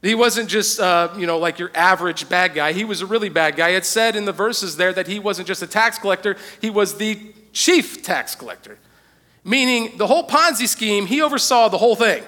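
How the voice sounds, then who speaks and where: A young adult male pastor preaching a sermon, animated and joking as he tells stories and throws questions out to the congregation. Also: sits high. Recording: long church-hall reverb.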